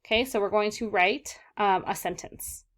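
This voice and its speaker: A woman's voice: medium pitch, moderate pace, fairly bright tone. A young woman teacher giving an online vocabulary lesson to children, encouraging and patient, often checking in with "okay, guys?". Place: southern California.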